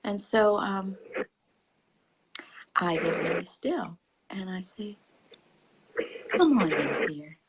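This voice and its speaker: A woman giving a reflective spiritual talk. She speaks softly and intimately, often sinking to a whisper, and laughs easily. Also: mid-range voice, a little hiss or hum, poor audio. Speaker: spiritual teacher.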